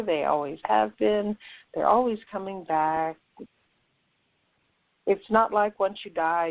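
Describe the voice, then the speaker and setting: A woman hosting a spiritual talk show, speaking in a gentle, affirming way and laughing easily. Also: fairly low pitch, narrow, tinny audio. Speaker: host and channeler.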